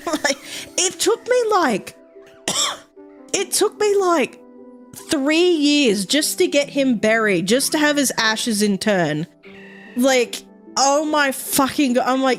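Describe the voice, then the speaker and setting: A woman's voice: high-pitched, big pitch swings, a little slow, faint music behind. A woman streaming, chatting casually and rambling with many fillers and frequent swearing.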